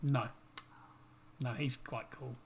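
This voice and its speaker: A man's voice: medium pitch, steady tone, takes it slowly, gravelly, slight background noise. A man hosting a casual online quiz night, reading questions aloud and teasing his co-host between them. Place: home livestream.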